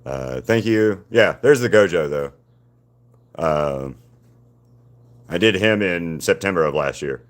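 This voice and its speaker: A man live-streaming his painting, chatting casually with viewers and greeting them by name in a relaxed, rambling way. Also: sits low, takes it slowly, long pauses.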